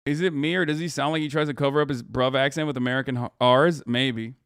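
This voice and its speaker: A man's voice: medium pitch, fairly even intonation, fast talker, a bit bright, clear, resonant tone, dry recording. A man in his thirties hosting a livestream, reacting to a debate with a heated, profane, sarcastic rant into a studio mic. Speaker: livestream host.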